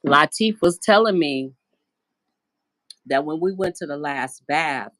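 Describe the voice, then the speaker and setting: A middle-aged American woman talks on a casual live stream from home in a low, deep voice. She rambles chattily and slips into the voices of the people she quotes. Her phone picks up a dry, close sound with no room echo. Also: expressive, slow, fairly bright tone. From United States. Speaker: livestream host. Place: at home indoors.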